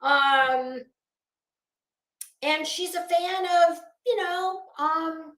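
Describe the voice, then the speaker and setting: A woman hosts a casual livestream in a bright, high voice. She is chatty and opinionated and speaks directly to her chat. The room around her gives a noticeable echo. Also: very slow. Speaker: livestream commentary host. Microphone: phone.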